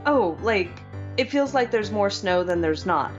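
A woman's voice: medium pitch, expressive, a little slow, dull audio, soft background music. A woman from California co-hosting a podcast, chatting casually with many "like"s and an exasperated manner. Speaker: podcast co-host. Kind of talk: casual chat.

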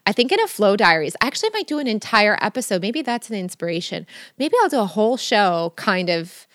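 Expressive woman podcast host, dry sound. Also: medium pitch, fairly quick, no echo. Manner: animated storytelling, expressive and emphatic. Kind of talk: casual conversational interview.

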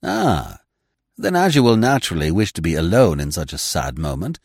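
A man voicing a young gentleman who speaks with elaborate, drily witty politeness. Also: low voice, sing-song, moderate pace, creaky, dry recording, clean studio sound, voice pushed down, exaggerated voice. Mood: suave. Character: suave, languid young English gentleman.

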